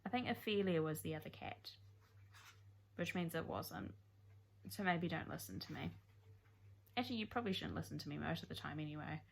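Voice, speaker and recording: A woman's voice: deep voice, fairly quick, vocal fry, pauses often, slight background noise. Chatty young woman vlogging about books. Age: 20s. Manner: chatty, rambling, self-deprecating asides. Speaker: book vlogger. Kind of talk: casual reading vlog chat.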